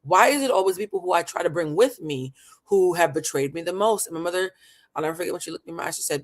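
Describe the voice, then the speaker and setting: A livestream host speaking with passion and emphasis, leaning hard on key words. Their voice sits at a middle pitch. They often call their audience honey and baby. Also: fast. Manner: emphatic, impassioned, calls listeners honey and baby. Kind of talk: live commentary talk show.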